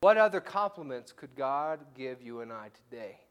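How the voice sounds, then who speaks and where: A man's voice: medium pitch, animated, normal speed, clean tone. A male pastor preaching a conversational, story-driven sermon to his church. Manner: conversational, storytelling with acted-out quotes.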